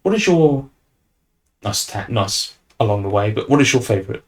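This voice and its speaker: Hosting a podcast, a young man speaks at normal speed in a lowish, very animated voice. The talk is casual and rambling, full of fillers and restarts.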